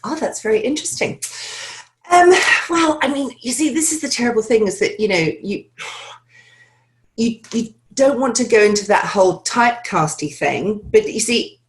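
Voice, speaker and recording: A woman coaching actors on accents talks through listener questions in an interview. Her speech is lively and chatty, jumping up in pitch and breaking into laughs. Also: moderate pace.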